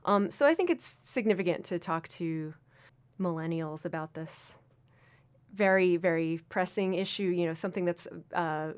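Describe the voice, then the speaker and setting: A woman's voice: fairly low pitch, normal speed, clean tone. A woman over thirty-five hosting a casual radio show, chatty and full of fillers. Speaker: radio host.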